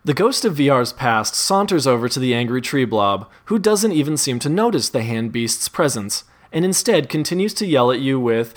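A man's voice: medium pitch, very animated, moderate pace, hardly any pauses. A man narrating a second-person interactive story, amused and often laughing through his lines.

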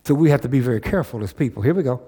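A man's voice: mid-range voice, expressive, racing, warm tone, husky. A pastor preaching a sermon, emphatic, repeating phrases and checking in with his listeners.

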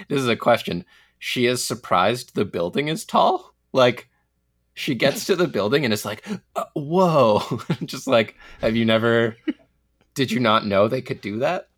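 A man co-hosting a casual chat podcast, laughing often as he talks. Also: a bit bright. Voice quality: laughs often, wide-ranging pitch. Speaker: podcast co-host.

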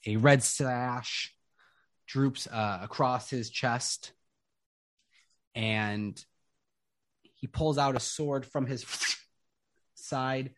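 A man narrating a tabletop game as game master, describing scenes slowly with lots of fillers. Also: mid-range voice, fairly even intonation. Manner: slow, descriptive, rambling with fillers.

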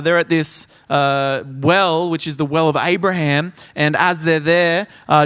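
A young man delivers a conference sermon, his voice pitched high and full of energy. He slips into other people's voices as he tells his stories. The sound carries a long reverb from a large hall. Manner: animated storyteller, acts out voices. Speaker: pastor.

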